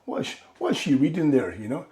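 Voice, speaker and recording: A man's voice: on the high side, huge pitch swings, fast talker, a little mellow. Rambling man doing a comic rant. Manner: rambling, tags lines with "right?". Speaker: comedy vlogger. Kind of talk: comedic monologue.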